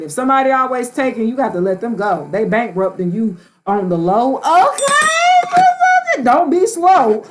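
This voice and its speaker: Chatty woman tarot reader, slightly high voice. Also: a little mellow. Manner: chatty, slangy, talks straight to viewers. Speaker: tarot reader hosting a live stream. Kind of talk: casual live-stream chat.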